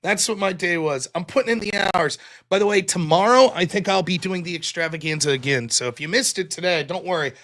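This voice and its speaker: A man's voice: high voice, brisk, fairly bright tone. A man hosting his live stream, telling a rambling, profane, self-mocking story about his day in casual chat.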